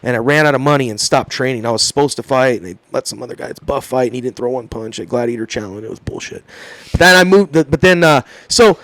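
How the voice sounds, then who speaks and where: A man's voice: mid-range voice, fast talker, few pauses, dry recording. A man in his thirties, a podcast guest telling a story casually, swearing often and acting out the quotes. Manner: profane, animated storytelling with voiced quotes.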